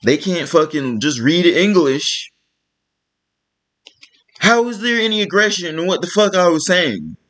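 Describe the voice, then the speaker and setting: A man's voice: sits high, very animated, measured pace, long pauses, a bit bright. A man delivering a blunt, profane, exasperated rant to camera as a vlogger. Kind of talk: ranting vlog monologue.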